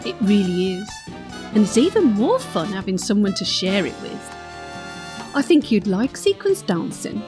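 A woman's voice: medium pitch, big pitch swings, unhurried, music in the background. A woman playing a flirty gossip. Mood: chatty. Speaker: comic monologue character. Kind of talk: comic character monologue.

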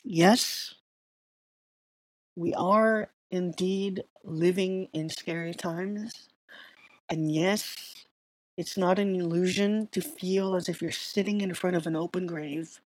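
Slow, soft-spoken woman podcaster. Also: fairly low pitch, fairly even intonation, dry recording. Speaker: podcast host. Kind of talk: reflective personal monologue.

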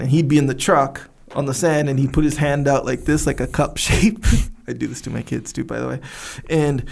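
An animated man of middle pitch chats on a podcast, laughing often as he talks. He speaks in loose, slangy banter. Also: fairly quick, creaky, hardly any pauses. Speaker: podcast co-host. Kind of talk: casual chat.

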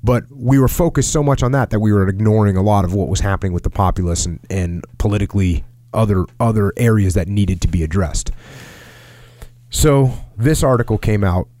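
A middle-aged man in a casual podcast talk, reading from an article and acting out quotes with lively jumps in pitch. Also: fairly quick, dry recording. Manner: animated storyteller, acts out quotes in a raised pitch. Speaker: podcast host.

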